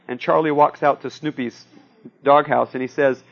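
A man's voice: medium pitch, steady tone, normal speed, vocal fry, lo-fi sound. A man giving a classroom lecture in a conversational way, often checking in with "okay?" and "see?".

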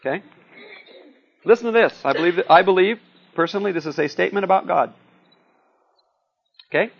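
A man's voice: high-pitched, expressive, fairly quick, creaky, slightly rough, muffled recording. A man giving a classroom lecture in a conversational way, often checking in with "okay?" and "see?".

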